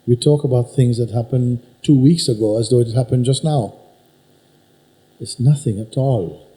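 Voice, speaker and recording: A man teaching at a spiritual gathering, unhurried and emphatic, probing his listener with repeated questions. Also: medium pitch, mellow, rough recording. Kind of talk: satsang teaching talk. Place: teaching hall with an audience.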